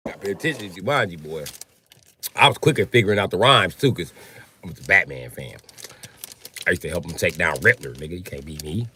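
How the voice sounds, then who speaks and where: A man ranting on a comedic live stream, loud, profane and animated, often breaking into shouts. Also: low voice, fast, slight background noise.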